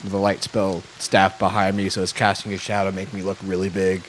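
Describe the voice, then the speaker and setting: A man's voice: low voice, monotone, brisk, a little hiss or hum. A man playing a tabletop game, casual and joking, swearing now and then.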